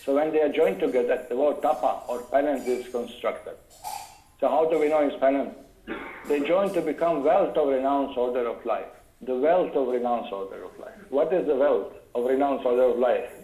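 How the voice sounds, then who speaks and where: A man giving a scripture lecture, carefully explaining verses word by word and pausing to look up references. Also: medium pitch, dark tone, roomy sound, low-quality recording.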